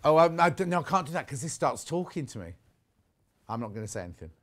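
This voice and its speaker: Casual studio host, English man, animated and bouncy, pitched a bit high, chatty sales patter. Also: fast. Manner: chatty, animated, reads viewer messages aloud. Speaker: shopping channel presenter. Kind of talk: live sales chat.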